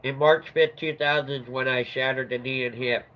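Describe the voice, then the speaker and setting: A man's voice: mid-range voice, fairly even intonation, moderate pace, bright, forceful tone, low-quality recording. A middle-aged man hosting a livestream, telling a rambling story in a casual chat and laughing at his own tale. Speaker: livestream host.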